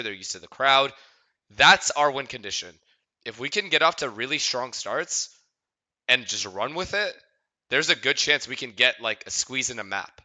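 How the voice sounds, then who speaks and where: A man streaming a watch party, chatting casually and getting excited. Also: mid-range voice. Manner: casual, excitable, checks his mic aloud.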